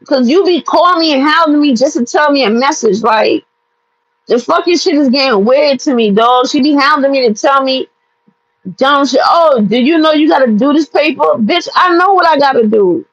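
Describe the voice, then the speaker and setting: A woman with a high voice tells a story to her viewers as a blunt, heated rant full of swearing. The recording sounds dull and lo-fi. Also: normal speed. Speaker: vlogger telling a personal story.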